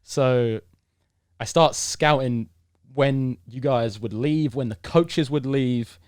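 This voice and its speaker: A man's voice: medium pitch, slow, no echo, clean studio sound. A young British man in his twenties, a podcast guest telling a story in casual conversation and acting out the dialogue. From United Kingdom. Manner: lively storyteller who acts out the dialogue.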